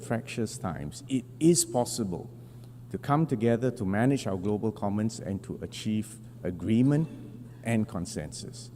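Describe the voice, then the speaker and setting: A man giving a formal prepared speech to a large assembly, in measured, deliberate phrasing with emphatic stresses, at a podium microphone. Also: on the low side, warm tone. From Singapore. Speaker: national representative addressing the General Assembly. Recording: long hall reverb with faint hum.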